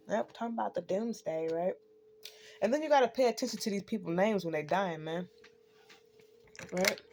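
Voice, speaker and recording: With a slightly mellow voice on the high side and a bit of background noise, a woman rants through a casual monologue. She speaks spiritually online, swears freely, and keeps throwing in "right?"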